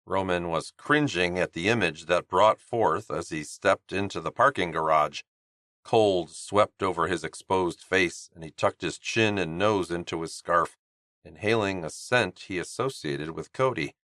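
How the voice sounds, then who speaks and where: A man narrating an audiobook in a steady, even storytelling manner on a close studio mic. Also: low-pitched, a little slow, no room sound. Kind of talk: scripted narration.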